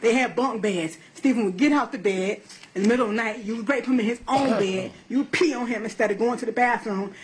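A woman's voice: fairly high pitch, fast talker, a little hiss or hum, low-quality recording. A woman giving courtroom testimony, telling her account in a blunt, profane, emotional way. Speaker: defendant in court.

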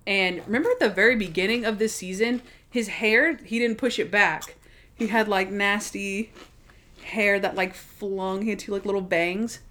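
A woman co-hosting a podcast, reviewing TV episodes in a chatty, animated way with frequent filler words. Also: mid-range voice, moderate pace. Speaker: podcast co-host. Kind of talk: casual chat reviewing TV episodes.

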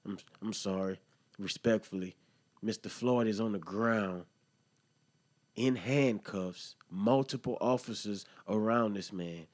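A man's voice: lowish voice, measured pace. Heated, profane man on a podcast. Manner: heated, profane, slangy, talks straight to listeners. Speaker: podcast host. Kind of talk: impassioned solo podcast commentary.

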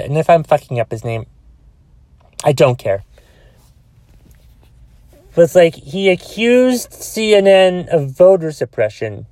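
A man's voice: sits high, darkish tone, no echo. A man ranting alone into his phone, exasperated and profane, rambling with frequent restarts. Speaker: solo podcaster. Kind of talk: casual rant.

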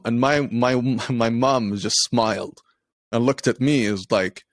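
Man telling a story with halting restarts. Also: mid-range voice, steady tone, no echo, studio quality. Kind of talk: casual conversation.

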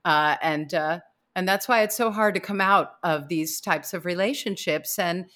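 A woman author, a guest on a podcast, talking earnestly and emphatically and acting out quoted lines with big swings in pitch. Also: moderate pace, fairly bright tone. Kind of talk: casual conversational interview.

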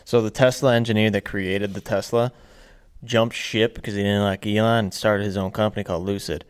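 A man's voice: level tone, brisk, clean tone. A man hosting a casual podcast, teasing his friends in an emphatic way. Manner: teasing, emphatic, swings up and down in pitch. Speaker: podcast host.

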